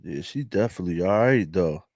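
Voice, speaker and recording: A young man with a Philadelphia accent doing casual, laughing commentary to his viewers in drawn-out slang. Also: low voice, lively intonation, a little mellow, dry recording, studio quality. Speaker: commentary vlogger.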